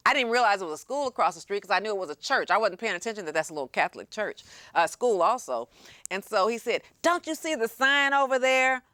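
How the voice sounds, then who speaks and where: A woman in her fifties hosts a talk show and tells her stories with animation. Her voice is bright and moves all over, up and down. The sound is dry and close. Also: medium pitch, quick pace, no room sound. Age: 50s. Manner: animated storyteller, acts out quotes. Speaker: host and lawyer. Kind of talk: casual talk show chat.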